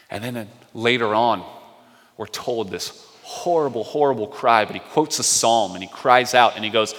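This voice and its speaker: Bright-voiced male pastor in a hall. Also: mid-range voice, normal speed. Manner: animated storytelling, acting out quotes. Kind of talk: sermon retelling a story.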